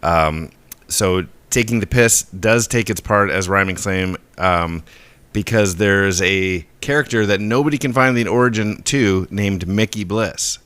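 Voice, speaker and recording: A deep-voiced man co-hosting a podcast, chatting casually about where a phrase comes from. He talks in a relaxed, explanatory way, stumbling and restarting his sentences as he goes. The sound is dry and close, with no room around it. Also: measured pace, clear, resonant tone, no echo. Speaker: podcast co-host. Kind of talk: casual chat about word origins.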